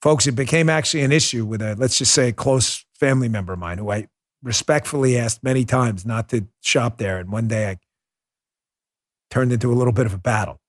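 A middle-aged man hosting a political commentary show, talking in an animated, mocking way with quick asides. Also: medium pitch. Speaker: host.

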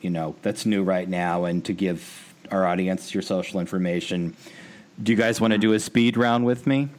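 Chatty low-voiced American host. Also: male voice, steady tone, normal speed, darkish tone. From United States. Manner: chatty, eager, self-interrupting. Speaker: podcast host. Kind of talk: casual interview chat.

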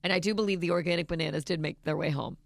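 A woman co-hosting a radio show, telling a family story in lively casual banter and acting out each person in it. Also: fairly low pitch, racing, creaky, no echo. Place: radio studio.

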